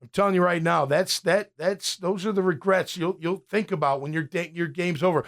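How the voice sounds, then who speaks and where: A man's voice: sits high, moderate pace, few pauses. A man in his fifties, a former pro player hosting a sports talk show, ranting in a fired-up way and often restarting his sentences. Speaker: podcast host and former pro linebacker.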